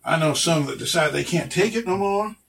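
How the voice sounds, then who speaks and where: A man's voice: a little high, expressive, fairly quick, creaky, fairly bright tone. A man doing a weary, deferential old orc drifter. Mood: drawling. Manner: folksy drawl, stammering and polite. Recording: distant mic, poor recording.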